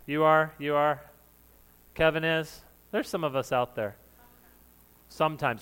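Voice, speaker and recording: A man preaching a sermon to his congregation in a loud, conversational way, joking with the room and laughing often. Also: a little high, a little slow, pauses often, clear, resonant tone. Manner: says of himself that he is loud. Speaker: pastor.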